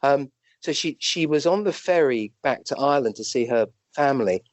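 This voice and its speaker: British male guest, a doctor telling anecdotes; chatty, restarts a lot, pitch leaps up, dry room. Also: moderate pace, no room sound. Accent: British English. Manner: animated, rambling anecdotes with restarts and acted-out quotes. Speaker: guest, physician and medium. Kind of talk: conversational storytelling.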